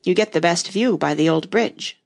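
A woman's voice: on the low side, normal speed, gravelly, a little mellow. Woman doing a nervous quivering old king.

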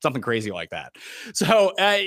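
A man with a Canadian accent, a fantasy golf analyst talking in a casual podcast chat, animated and joking at his own expense. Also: medium pitch, no room sound, clean studio sound. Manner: animated, quick asides and self-deprecating jokes.

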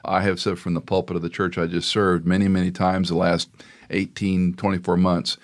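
A man's voice: low-pitched, flat delivery, a little fast. A middle-aged man hosting a conversational interview, a pastor telling earnest, folksy stories. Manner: earnest storytelling, folksy asides. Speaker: podcast host, pastor.

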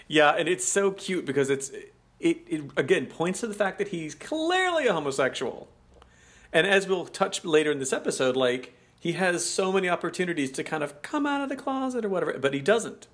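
American guy cohosting a podcast, kinda high voice, rambles and laughs a lot. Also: very animated, brisk, a bit bright. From United States. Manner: chatty, explains at length, laughs often. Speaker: podcast co-host. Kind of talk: casual chat.

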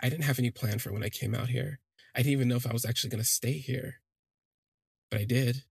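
A man narrates his own story for a podcast, thoughtful and a little hesitant, circling back on his words as he goes. His voice sits at a middling pitch with a gravelly, husky grain. The sound is close and dry. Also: fairly even intonation, fast talker, dry recording. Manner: reflective, hesitant, frequent restarts. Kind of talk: first-person storytelling podcast.

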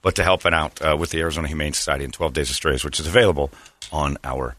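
A man's voice: a bass voice, rapid-fire, a bit bright, no room sound. A man hosting a morning radio show, chatting casually and rambling through jokes and ads. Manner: rambling, joking, self-correcting.

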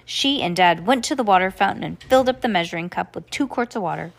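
A woman's voice: medium pitch, animated, fast talker, vocal fry. A woman reading a children's book aloud, with occasional slips and restarts. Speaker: reader.

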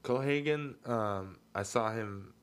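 A man's voice: lowish voice, takes it slowly, clear, resonant tone. Laid-back man telling stoner stories. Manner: laid-back storytelling, slangy, says dude a lot. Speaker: podcast co-host. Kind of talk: casual movie chat.

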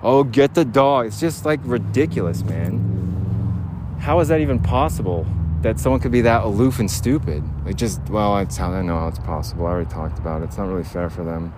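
Man, low voice, rambling audio diary, outdoors, faint street noise. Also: a little fast. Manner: rambling, restless, laughs often. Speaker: podcast host. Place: outdoors in a city park.

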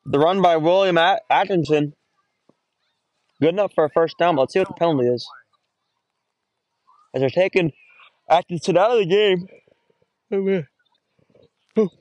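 A young man doing casual, rambling play-by-play of a high school football game outdoors, recorded on a phone, often correcting himself and getting excited on big runs. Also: moderate pace, long pauses, no echo. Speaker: play-by-play announcer.

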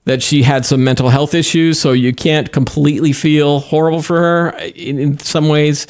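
A man's voice: a little high, fairly even intonation, normal speed, darkish tone. A man co-hosting a podcast, chatting casually about news stories and reading quotes aloud with easy laughs. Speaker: podcast co-host.

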